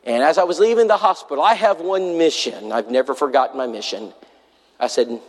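Earnest preacher in a reverberant hall. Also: male voice, a little high, a little fast. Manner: earnest, acts out quoted voices. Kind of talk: sermon storytelling.

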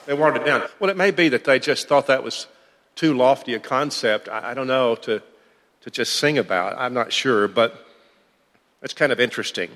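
A man's voice: mid-range voice, normal speed, a bit bright. Man, bible class teacher, conversational lecture, echoing hall. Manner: conversational, thinking aloud with restarts. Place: church classroom.

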